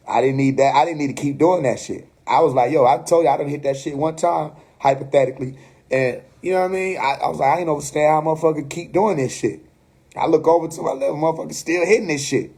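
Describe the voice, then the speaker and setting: A man, telling a story casually on a live stream, animated and laughing often, dropping to a low mumble when he quotes his friends. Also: breathy edge. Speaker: livestream host.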